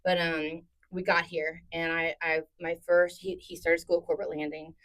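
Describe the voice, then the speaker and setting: Guest: woman, 30s, founder, low-set voice, animated storyteller who acts out quoted lines, casual interview. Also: moderate pace. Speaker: interior design company founder, podcast guest.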